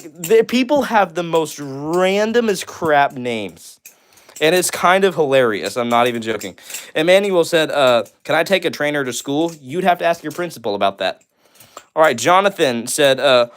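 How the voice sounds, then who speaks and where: A man hosting a live stream, reading out chat messages in a casual, excitable way and laughing often. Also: on the high side, clean tone.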